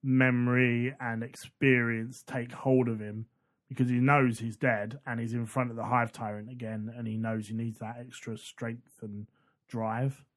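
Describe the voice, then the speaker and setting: A man's voice: mid-range voice, level tone, measured pace. A man chatting casually on a podcast, adding lore details to the discussion. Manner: conversational, adds lore details. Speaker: podcast co-host. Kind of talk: casual chat about a book.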